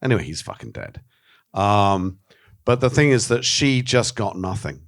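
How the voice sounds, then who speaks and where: Man, very low voice, candid interview talk, animated storytelling, swears freely. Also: moderate pace, vocal fry. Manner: frank and animated, swears, acts out quoted voices. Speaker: documentary filmmaker, interviewee.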